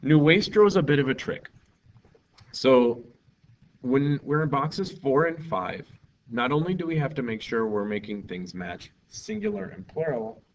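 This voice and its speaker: This recorded classroom lesson features a man with a mid-range voice teaching Spanish in a lighthearted, jokey style, dramatizing little scenes. A distant, dull lo-fi mic picks up faint ambience and a little hiss or hum.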